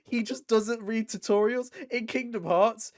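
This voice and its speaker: A man's voice: extremely high pitch, fairly even intonation, a little slow, no echo, clean studio sound. A man co-hosting a gaming podcast in casual chat, joking and mocking himself, often breaking into laughs. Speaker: podcast co-host.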